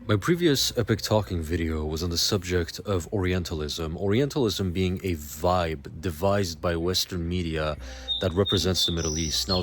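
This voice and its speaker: Québécois man with a low voice. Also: a little hiss or hum. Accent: Québécois French. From Quebec. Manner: opinionated, conversational, swears casually. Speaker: music channel host. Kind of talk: casual explanatory monologue.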